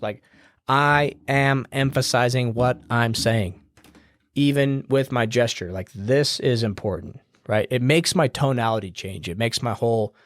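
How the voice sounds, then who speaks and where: A man's voice: medium pitch, measured pace, dry recording, studio quality. A man hosting a podcast, giving casual advice in a loose, rambling way with fillers and the odd swear word, in an upbeat, smiling tone. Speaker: podcast host.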